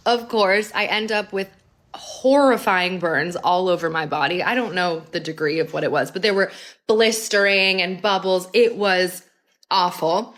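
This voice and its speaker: A woman's voice: medium pitch, fairly bright tone. A young adult woman narrating a personal story in a casual storytime chat, full of fillers and wry asides.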